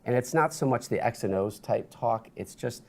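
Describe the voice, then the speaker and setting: A man talking as a guest in a studio interview, telling animated stories with lots of restarts and bursts of energy. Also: mid-range voice, moderate pace. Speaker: interview guest, sports broadcaster.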